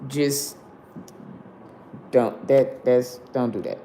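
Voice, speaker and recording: A woman hosting a live stream, lying down in pain, speaking slowly and emphatically to her viewers. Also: extremely low pitch, background noise. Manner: slow and emphatic, hyping viewers to like. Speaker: show host.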